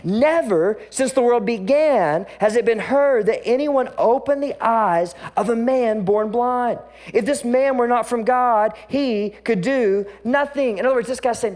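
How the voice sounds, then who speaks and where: High-voiced animated male preacher. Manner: animated, acts out the quoted voices of the story. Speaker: pastor. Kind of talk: sermon.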